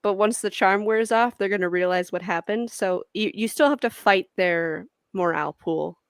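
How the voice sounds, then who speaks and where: A woman's voice: medium pitch, moderate pace, no echo. A woman narrating and ruling as dungeon master in a casual tabletop game, explaining with loose fillers. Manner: relaxed explaining, many fillers.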